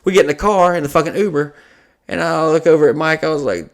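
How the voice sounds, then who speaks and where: His voice sits on the high side and has a gravelly edge, and he talks fast. As host of a podcast, he tells a long story casually, cussing plenty and animatedly acting out people's words.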